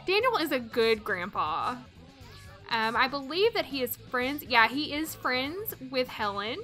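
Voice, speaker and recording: A woman's voice: sits high, big pitch swings, unhurried, bright, forceful tone, faint music behind. A woman hosting a let's play, commenting casually on her game and reacting with dramatic emotion while addressing viewers.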